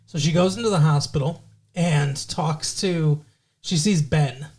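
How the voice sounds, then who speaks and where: Rambling man with a raised pitch. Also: a little slow, darkish tone, husky. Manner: rambling, many fillers and swearing. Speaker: podcast co-host. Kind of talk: casual episode recap.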